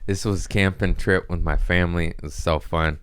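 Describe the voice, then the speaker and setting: A man in his thirties hosting a podcast, telling rambling, crude comedic stories and slipping into quick put-on voices. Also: low voice, steady tone, fairly bright tone, clean tone, dry recording. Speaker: podcast host. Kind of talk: casual comedic chat. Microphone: studio podcast mic. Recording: dry close studio sound.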